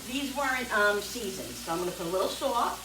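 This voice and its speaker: A woman's voice: medium pitch, lively intonation, fairly quick. A woman hosting a home cooking video, talking in a rambling, chatty way with frequent self-corrections as she cooks. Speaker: home cooking channel host. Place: home kitchen with sizzling pan. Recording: echoey kitchen, distant mic, frying noise.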